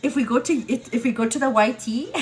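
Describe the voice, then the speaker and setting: A young woman hosting a morning livestream, telling a personal story in casual chat, full of "like" and "girl", acting out quotes in a higher voice. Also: a little fast, soft background music. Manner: chatty, many fillers, acts out quotes with high excited pitch. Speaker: livestream host.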